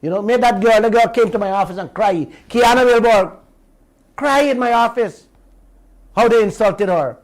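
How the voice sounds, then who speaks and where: A man with a Guyanese accent hosting a radio talk show, telling stories in an animated, indignant way and repeating himself. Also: sits high, normal speed, low-quality recording. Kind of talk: heated talk radio monologue.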